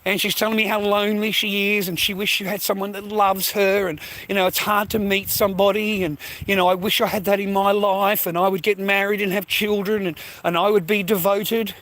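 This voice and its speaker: Brisk, level in tone and barely pausing, this high, slightly bright voice belongs to an Australian man vlogging as he walks. He rambles to his phone, swears a lot and calls viewers mate and bro. The audio is poor.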